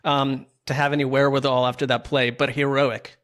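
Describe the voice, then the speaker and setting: A man's voice: mid-range voice, little pitch movement, fairly quick, fairly bright tone. A man co-hosting a sports podcast, chatting casually with a wry, amused tone. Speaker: podcast co-host.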